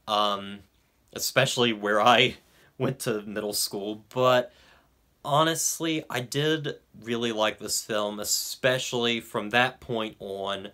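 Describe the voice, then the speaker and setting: A man's voice: lowish voice, slow, bright, forceful tone. A young man giving a casual film review, hesitant, with frequent ums and restarts. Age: young adult.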